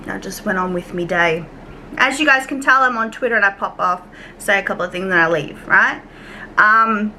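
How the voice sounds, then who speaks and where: Bright-voiced Australian woman ranting casually. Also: medium pitch, slight background noise, rough recording. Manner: chatty, swears, goes off on tangents, acts out conversations. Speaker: YouTube commentary vlogger. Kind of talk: casual storytime rant.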